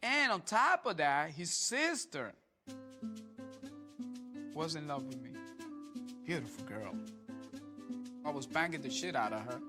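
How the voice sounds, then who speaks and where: A man's voice: fairly high pitch, big pitch swings, a little slow, pauses often, over loud music. A man who once led a drug gang, talking in an interview in a boastful, profane, emphatic way. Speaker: former drug gang leader. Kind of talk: documentary interview.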